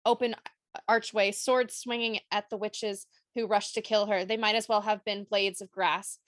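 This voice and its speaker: A woman's voice: medium pitch, flat delivery, normal speed, fairly bright tone, no room sound. Woman podcast host, dry close sound. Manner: reads passages aloud, emotional, casual. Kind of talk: casual book discussion podcast.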